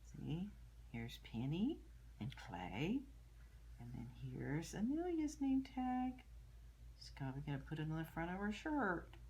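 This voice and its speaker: Older grandma reading picture book to kids; deep but very lively voice, gentle asides. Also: female voice, measured pace, lo-fi sound. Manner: gentle, explaining pictures, drops to soft asides. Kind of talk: storybook read-aloud with commentary.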